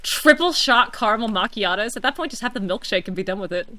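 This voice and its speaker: A woman's voice: medium pitch, animated, fast, pushed and bright, dry recording. A woman giving casual commentary while playing a video game, often breaking into long laughing fits. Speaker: gaming streamer.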